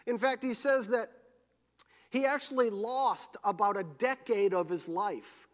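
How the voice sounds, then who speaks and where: A man preaching a sermon as pastor, earnest and slowing down to press scripture home. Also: sits high, fairly bright tone. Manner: earnest, slows for scripture and emphasis. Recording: long hall reverb.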